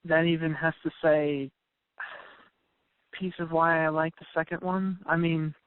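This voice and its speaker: A man's voice: on the high side, little pitch movement, measured pace, smooth, no echo. A man co-hosting a casual review chat, laid-back and wry. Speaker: podcast co-host. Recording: dry, tinny phone-like sound.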